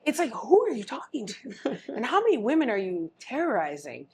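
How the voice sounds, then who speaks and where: A woman from Phoenix, Arizona, a guest artist in a casual interview, telling animated stories and acting out what men said to her. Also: a little high, brisk, a little hiss or hum. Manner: animated storytelling, acts out quoted men, laughs often.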